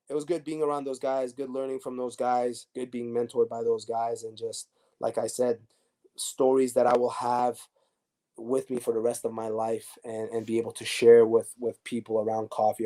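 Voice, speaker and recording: Mellow-voiced man telling stories. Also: mid-range voice. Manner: animated storyteller acting out dialogue. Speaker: guest, former pro soccer defender. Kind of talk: casual storytelling interview.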